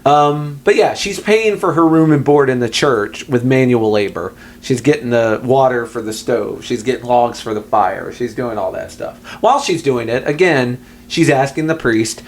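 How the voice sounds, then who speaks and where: A man's voice: mid-range voice, moderate pace, few pauses, slight background noise. Easygoing guy on a movie podcast, keeps saying yeah and um, dry jokes. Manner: laid-back, agreeable, lots of "yeah" and "um"; profane, wry. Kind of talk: casual chat recapping a film.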